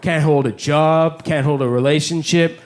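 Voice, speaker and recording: A man's voice: a little high, fairly even intonation, normal speed, natural voice. A man doing a rambling, mopey old school friend. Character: awkward, self-pitying old school friend.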